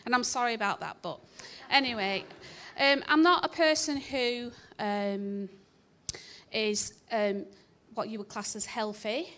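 A woman's voice: fairly high pitch, a little slow, bright, forceful tone. A woman telling a church congregation a personal testimony, chatty and self-deprecating with many ums. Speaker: church member sharing a testimony.

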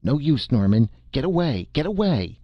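A man voicing Hackett, a desperate human man fighting off guards, who shouts hoarsely and frantically. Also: medium pitch, very animated, normal speed, no echo, pitched above the performer's own voice. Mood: frantic. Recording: dull lo-fi dry recording.

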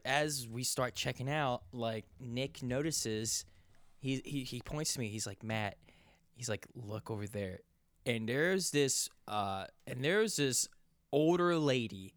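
A young man telling a story in casual chat, rambling and profane, his voice climbing loud and high when he gets worked up. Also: no echo. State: sore.

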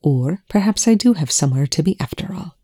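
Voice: medium pitch, animated, brisk, mellow, husky, no room sound, voice pushed up. A reader voicing a dry, sardonic male scientist. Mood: cool. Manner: dry, sarcastic, politely biting. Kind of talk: audiobook-style fan fiction reading.

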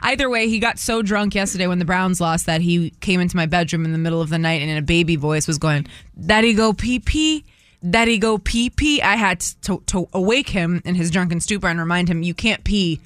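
A woman's voice: fairly low pitch, steady tone, fast, hardly any pauses, no echo. Woman radio host, chatty storyteller, laughing often, dry close mic. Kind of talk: casual radio chat with callers.

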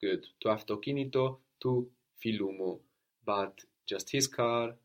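A man's voice: lowish voice, a little slow. A man teaching a language lesson, explaining points patiently and modeling phrases for a student to repeat.

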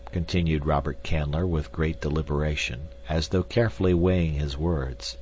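A man narrating a classic novel as an audiobook, with an expressive, varied reading. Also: very deep voice, normal speed, hardly any pauses, breathy edge.

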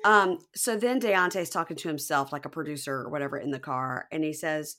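A woman's voice: deep voice, brisk, few pauses. A woman podcast host recapping a reality show in casual chat, acting out quotes. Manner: animated retelling, acting out quotes.

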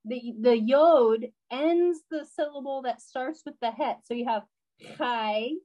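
Higher-voiced woman teaching a live class. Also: measured pace, dark tone, low-quality recording. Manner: patient explaining, frequent fillers and check-ins. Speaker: language teacher. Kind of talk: live online class instruction.

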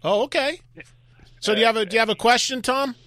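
Bright, chatty radio host man. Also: very high voice, dry recording. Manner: chatty, quick, joking, leads the talk. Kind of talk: radio interview and call-in hosting.

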